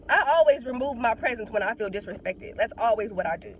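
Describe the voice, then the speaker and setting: A woman's voice: fairly high pitch, fast talker, hardly any pauses, a little hiss or hum, poor audio. A young woman, talking bluntly and with heavy swearing in a casual monologue while getting over a cold. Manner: blunt, profane, animated. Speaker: vlogger. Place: in a car.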